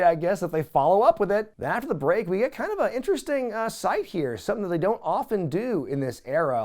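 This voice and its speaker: A man hosting a podcast, recapping casually with incredulous, animated commentary and casual swearing. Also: fairly high pitch. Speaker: podcast host.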